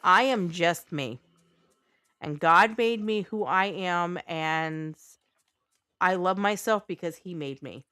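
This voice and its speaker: A woman's voice: lowish voice, slow pace, sharp tone, smooth, dry recording. A woman streaming a game live, talking blunt and unfiltered to her chat and swearing freely.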